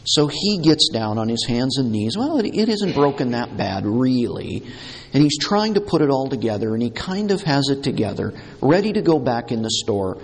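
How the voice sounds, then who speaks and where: Male pastor, mid-pitched, unhurried, emphatic delivery, echoing hall. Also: a bit bright, husky. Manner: deliberate, emphatic, repeating key words. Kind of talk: sermon. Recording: long hall reverb.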